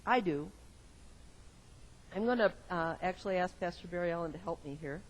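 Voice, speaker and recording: A male pastor giving a sermon to his congregation in a church, moving from quiet reflection to loud emphatic exclamations and repeating phrases in rhythmic lists. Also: high voice, normal speed, poor audio. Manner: addresses the congregation directly with questions. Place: church sanctuary.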